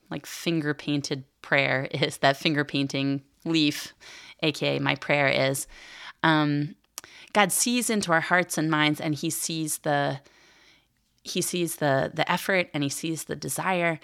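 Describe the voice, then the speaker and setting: Low, gravelly-voiced woman teaching faith. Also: a bit bright. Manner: chatty, conversational, many fillers. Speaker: podcast host teaching the Catechism. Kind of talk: casual faith teaching with readings.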